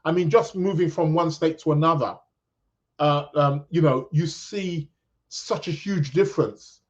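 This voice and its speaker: A British man hosts a podcast as a loose, rambling live chat, reading out viewer comments. His voice sits a little high. The recording sounds dull and lo-fi. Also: a little slow. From England. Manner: rambling, many restarts, chatty. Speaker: podcast host.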